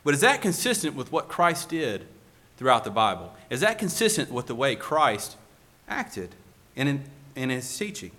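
A man's voice: medium pitch, very animated, normal speed, pushed and bright. A male preacher giving a sermon, asking the congregation one rhetorical question after another.

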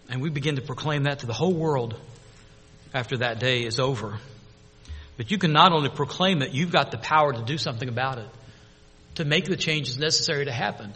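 A man preaching a sermon to his congregation, swinging between loud proclamation and hushed, intimate storytelling. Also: medium pitch, animated, a little fast, pauses often, breathy edge, big-room sound. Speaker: pastor.

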